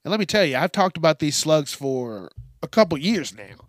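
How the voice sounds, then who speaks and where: A man's voice: fairly high pitch, big pitch swings, moderate pace, no echo. A male podcast host ranting through a profane solo monologue, congested from allergies.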